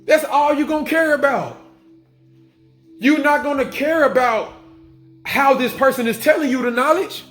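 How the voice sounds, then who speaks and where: High-voiced man preaching in an echoey room. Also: normal speed, pauses often, fairly bright tone. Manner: emphatic and repetitive, restating points, casual swearing. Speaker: spiritual vlogger. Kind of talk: preachy spiritual monologue. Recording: echoey room with faint music.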